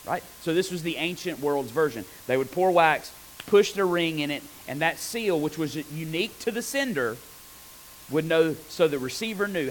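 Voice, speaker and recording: A man preaching a conversational sermon on scripture, animated and often asking his listeners rhetorical questions. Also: on the high side, normal speed, slight background noise, low-quality recording.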